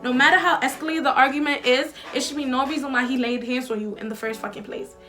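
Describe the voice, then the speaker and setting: A woman's voice: high-pitched, steady tone, fast, sharp tone. A young woman, telling a storytime vlog in casual, slangy talk full of likes and swearing. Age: young adult. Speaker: vlogger.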